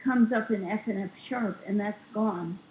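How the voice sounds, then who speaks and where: Slow-talking woman, echoey call audio. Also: mid-range voice, highs cut off. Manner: deliberate, emphatic claims. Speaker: guest analyst. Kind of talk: casual political talk show.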